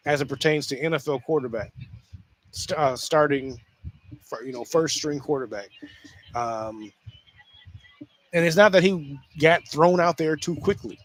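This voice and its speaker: A man with a slightly higher voice hosts a casual football talk show. He talks in an animated way, restarts sentences and repeats himself as he works through a point. The recording sounds dry and close, with no room around it. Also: unhurried, long pauses, no room sound. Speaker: sports talk host. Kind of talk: casual solo sports commentary.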